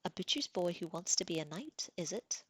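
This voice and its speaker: Seorang perempuan membacakan suara pangeran remaja laki-laki yang kejam, mengejek dan angkuh. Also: female voice, on the low side, expressive, normal speed, husky, dry recording. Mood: taunting. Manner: sneering, taunting. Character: cruel arrogant teenage prince, boy.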